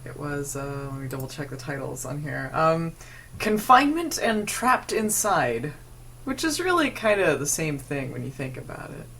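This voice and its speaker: A woman's voice: deep voice, very animated, normal speed, vocal fry, a bit bright, husky. A young adult woman hosting a casual podcast chat, talking loosely and swearing freely. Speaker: podcast host.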